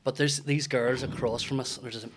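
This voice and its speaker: A man's voice: medium pitch, steady tone, normal speed, a little hiss or hum. Northern Irish man with a teasing edge. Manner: teasing, dry storyteller. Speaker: guest. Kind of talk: casual chat.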